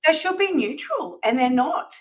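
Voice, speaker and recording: A woman's voice: high voice, big pitch swings, moderate pace, poor audio. A woman on a talk panel, telling a story in casual chat and acting out the people she quotes. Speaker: campaign volunteer and panel guest.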